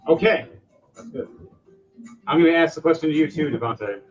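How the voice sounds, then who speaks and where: A man running a tabletop game as game master, telling crude jokes in a joking, animated way. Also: fairly high pitch, a little fast, over music. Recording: dull lo-fi sound, distant from mic.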